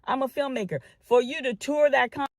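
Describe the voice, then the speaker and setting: In studio-quality audio without echo, a woman commentator speaks a little fast in a high-pitched voice, making an impassioned address to her online followers. She treats her audience as family, repeats phrases and stalls on long "um" fillers.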